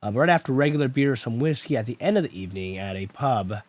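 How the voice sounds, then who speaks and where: A man talks casually to his viewers as he fights with broken streaming software, venting and muttering to himself. His pitch swings widely, leaping up in outbursts and sinking into low grumbles. The sound is dry and close, with no room around it. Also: animated, quick pace, dry recording. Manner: frustrated, exasperated, swings between loud outbursts and muttering; chats with viewers while troubleshooting. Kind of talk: casual live-stream chat.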